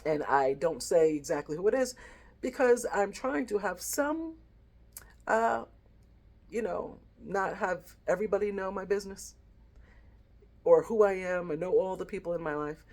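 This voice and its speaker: A woman's voice: fairly low pitch, animated, normal speed, darkish tone. Earnest woman telling a heartfelt story. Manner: earnest, reflective, emotional storytelling. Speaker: vlogger. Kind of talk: heartfelt personal vlog.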